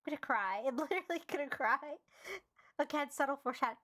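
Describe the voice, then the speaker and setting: A woman's voice: high-pitched, animated, fast talker, a bit bright, dry recording, studio quality. A young woman streamer reading a game's text aloud, then reacting with sarcastic, exasperated outbursts and swearing. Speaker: streamer playing a visual novel.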